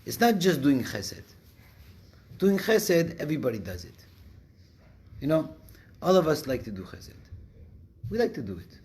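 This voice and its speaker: A man teaching a religious class, talking in a halting way with many restarts and switches between languages. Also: fairly high pitch, very animated, a little mellow.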